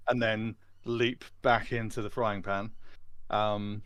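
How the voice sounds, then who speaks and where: A man's voice: lowish voice, little pitch movement, slow, a bit bright, clear, resonant tone, no room sound. A man as a guest in a casual gaming chat, rambling and stumbling over repeated words. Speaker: guest player.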